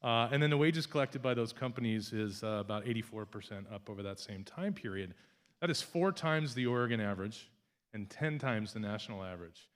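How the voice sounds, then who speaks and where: A man who is an economic development director, giving an energetic, enthusiastic speech to an audience. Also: lowish voice, a little fast. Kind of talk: public speech.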